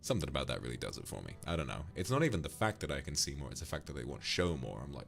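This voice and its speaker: A man's voice: very deep voice, sing-song, racing, vocal fry, hardly any pauses, faint music behind. A British man streaming and chatting casually, rambling candidly and thanking viewers by name. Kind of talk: casual livestream chat.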